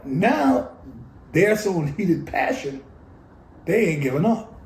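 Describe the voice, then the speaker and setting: A man's voice: high voice, big pitch swings, slow, pauses often, darkish tone, echoey room, a little hiss or hum, rough recording. A man, telling his life story bluntly and profanely in an oral history interview. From New York City.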